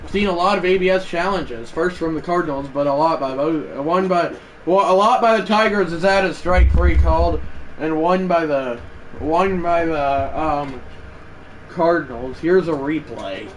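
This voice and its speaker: Streamer, male, fairly high voice, casual play-by-play for a baseball video game, chatty and self-correcting, faint hiss behind. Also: unhurried. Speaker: livestreamer and play-by-play announcer.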